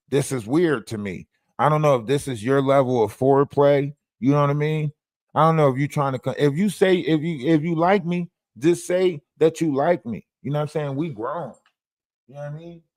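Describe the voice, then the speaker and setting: A man's voice: fairly high pitch, dry recording. Man ranting on a livestream, dry sound. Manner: repetitive, confrontational, keeps asking "you know what I mean". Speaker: livestream host. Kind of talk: rambling livestream rant.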